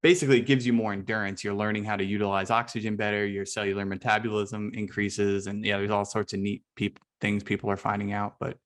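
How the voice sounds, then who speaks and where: Low-voiced man chatting on a call. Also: fast talker, few pauses. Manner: relaxed, filler-heavy, many restarts. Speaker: breathwork guest teacher. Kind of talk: casual group video call chat.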